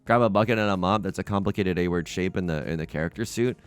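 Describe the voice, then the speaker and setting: A man's voice: low-pitched, fast, clear, resonant tone, dry recording, faint music behind. A young man casually commenting on his own game play, rambling and self-mocking with frequent restarts. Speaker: let's play host.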